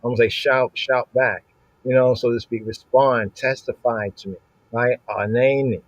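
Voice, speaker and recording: A man's voice: mid-range voice, fairly even intonation, normal speed, no room sound, lo-fi sound. A man teaching a scripture lesson on a livestream, repeating words and asking "right?" again and again. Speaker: Bible study teacher.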